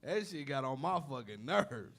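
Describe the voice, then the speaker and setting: A man co-hosting a podcast, telling profane stories in an animated, laughing way. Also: mid-range voice, normal speed, vocal fry. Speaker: podcast co-host. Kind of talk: casual storytelling chat.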